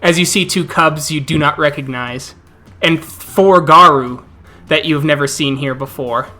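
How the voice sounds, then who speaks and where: Game master: slow, bright, forceful, laughs often, light music. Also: mid-range voice. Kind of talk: narrating a tabletop game.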